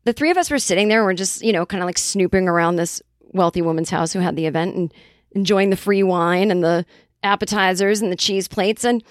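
Her pitch fairly low and her pace a little quick, a Boston-area woman comedian and writer spins a meandering, foul-mouthed tale full of impersonated voices. The studio-quality recording has no echo.

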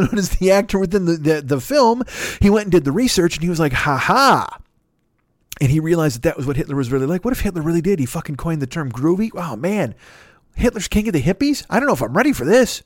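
A man's voice: a little high, a little mellow, no room sound, clean studio sound. A man host riffing through a profane, rambling comedic monologue. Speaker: podcast host.

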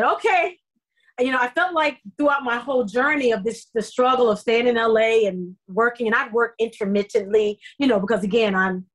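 A middle-aged woman, an actress guest on an interview podcast, telling her story in a lively way and acting out the dialogue. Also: fairly high pitch. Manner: animated, acts out quoted dialogue.

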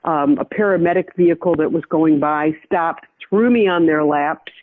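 An older woman from the American Midwest, a veteran journalist, speaks as an interview guest. She recounts events in a measured, reflective way, with frequent restarts. Her voice comes through a thin, tinny phone line. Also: deep voice. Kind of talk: personal storytelling in an interview.

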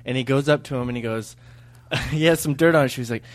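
A man's voice: mid-range voice, quick pace. A man co-hosting a podcast, telling a story in casual, laughing comedic chat. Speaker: podcast co-host.

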